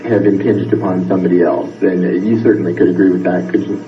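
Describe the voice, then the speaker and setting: Male interviewer, very low voice, hesitant, dull distant archive audio. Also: little pitch movement, slight background noise. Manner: halting, hesitant questions with many fillers. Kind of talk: interview questions.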